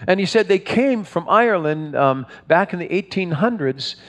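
A man's voice: sits high, animated, normal speed, fairly bright tone. A man preaching a sermon, telling stories in a conversational way with frequent restarts. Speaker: pastor. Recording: long hall reverb.

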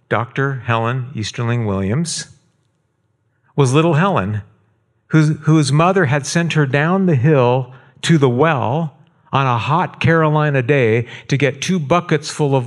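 A middle-aged man, a pastor, telling a story in a sermon in a slow, emphatic way and repeating phrases for weight. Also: medium pitch.

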